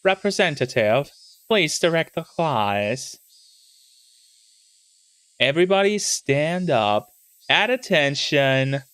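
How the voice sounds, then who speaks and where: A man's voice: on the high side, animated, slow, pauses often, fairly bright tone, clear, resonant tone. A man doing a prim young schoolteacher. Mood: chiding. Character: cheerful young woman schoolteacher.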